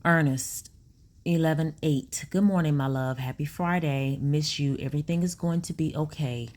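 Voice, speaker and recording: A woman's voice: sits low, moderate pace, a little mellow. A woman reads text messages aloud and breaks in with sassy, incredulous asides as a commentary vlogger.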